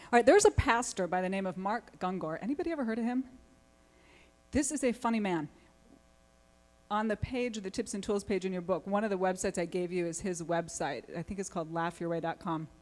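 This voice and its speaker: A woman family therapist, giving a lively conference talk and asking her audience many questions. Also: mid-range voice, brisk. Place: conference hall.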